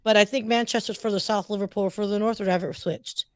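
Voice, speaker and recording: A woman's voice: medium pitch, steady tone, fast, dry recording, clean studio sound. An upbeat, chatty woman hosting a casual conversation between friends. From United States. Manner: chatty, upbeat, lots of fillers. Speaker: host. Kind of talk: casual chat.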